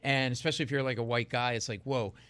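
A man's voice: mid-range voice, racing, smooth, no room sound. A man, a comedian guest telling stories in a casual radio chat and acting out other people's voices. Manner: animated storyteller, acts out voices of others. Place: lives in New York City.

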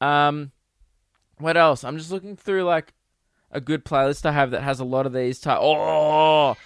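A man's voice: on the high side, fairly even intonation, moderate pace, fairly bright tone, clean tone, no echo, studio quality. A young man, hosting a casual solo podcast, rambling and giggly with lots of fillers. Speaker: podcast host and comedian.

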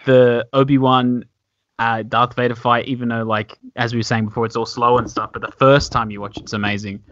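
A man's voice: medium pitch, flat delivery, fairly quick, a bit bright, no room sound. A man joining a casual podcast chat as a guest, drawing his words out in a playfully dramatic way. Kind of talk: casual chat among friends. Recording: dull lo-fi dry sound.

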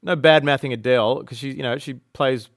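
A man's voice: medium pitch, fairly even intonation, a little fast, no room sound, studio quality. A man hosting a casual podcast chat, blunt and teasing, swearing casually as he gives his opinions. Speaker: podcast host.

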